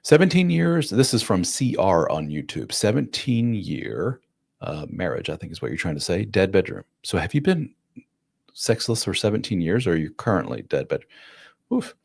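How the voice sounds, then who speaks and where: A man's voice: deep voice, moderate pace, vocal fry, husky, dry recording, clean studio sound. A man hosting a live chat, giving blunt, casual relationship advice to viewers' questions and calling them man and dude. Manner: animated, acts out quoted voices. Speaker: host giving relationship advice to divorced dads.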